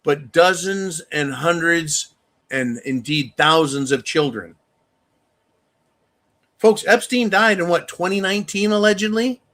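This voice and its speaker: A man hosting a live-stream rant, angry and profane, with sudden loud outbursts. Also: a little high, lively intonation, a little slow. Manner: angry, profane, shouting bursts. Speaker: channel host.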